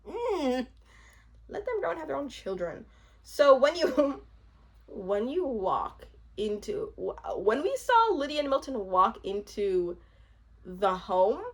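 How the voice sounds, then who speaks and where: Young woman in her twenties, casual reaction commentary, bouncy lively delivery, slightly high voice, talky with frequent laughs. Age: 20s. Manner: chatty, laughs often, trails off and restarts. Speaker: reality TV commentator.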